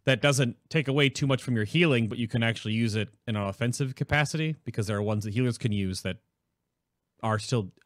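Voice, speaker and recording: A man's voice: mid-range voice, fast talker, no room sound. Man thinking aloud in a dry room. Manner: asks long, thinking-aloud questions. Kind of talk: casual chat.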